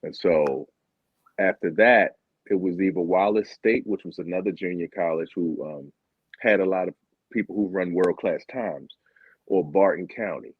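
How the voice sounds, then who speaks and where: A man from Baltimore telling his story as a guest, animated and sometimes acting out what others said. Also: sits low, normal speed, slightly rough, dry recording. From Baltimore, Maryland, USA. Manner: animated, acts out quotes of teammates. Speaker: guest, former Olympic sprinter. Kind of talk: candid conversational storytelling. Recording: dull lo-fi sound.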